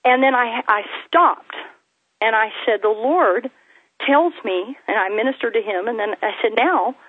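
A woman minister telling a testimony story in an earnest, animated way, acting out the people she quotes. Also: fairly high pitch, unhurried, no echo. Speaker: guest minister. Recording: tinny phone-like line.

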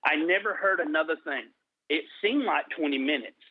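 A middle-aged man telling his personal testimony in an interview, earnest and slowing down for emphasis. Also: fairly high pitch, no echo. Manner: earnest storytelling, slows for emphasis. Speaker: guest sharing testimony. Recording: tinny phone-like line.

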